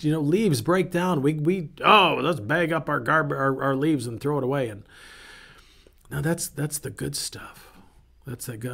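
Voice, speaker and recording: Male pastor, mid-pitched, casual storytelling sermon with animated asides. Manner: conversational, animated storytelling with self-interruptions. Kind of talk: informal sermon.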